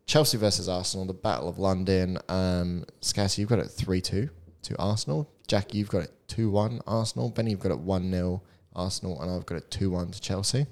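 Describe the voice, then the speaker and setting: Low-voiced man hosting a football podcast. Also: brisk, hardly any pauses. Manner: runs through predictions in a steady list, blunt and swearing. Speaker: podcast host. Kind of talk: casual football chat with friends.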